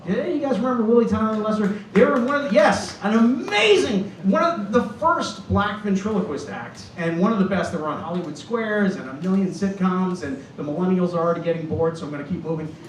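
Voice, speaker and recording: A Boston man in his fifties does stand-up on a club stage, rambling and poking fun at himself in a high, animated voice. He talks quickly with few pauses, picked up from a distance in a roomy club with a slight hiss or hum.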